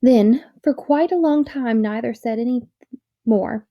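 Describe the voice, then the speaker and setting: A woman reading a children's novel aloud in a gentle, measured storytelling manner. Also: fairly high pitch, highs cut off. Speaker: reader.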